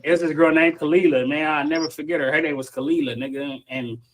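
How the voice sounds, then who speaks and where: A man hosting a livestream and telling an animated, profane childhood story in casual slang, laughing often. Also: fairly high pitch, fast, heavy background noise. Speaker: stream host. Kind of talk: casual group chat on a livestream. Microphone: online call.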